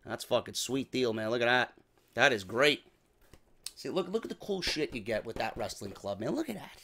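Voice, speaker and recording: A man's voice: medium pitch, normal speed. A man with a New York accent hosts a wrestling show, unboxing merchandise in casual chat full of swearing. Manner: heavy swearing, excitable.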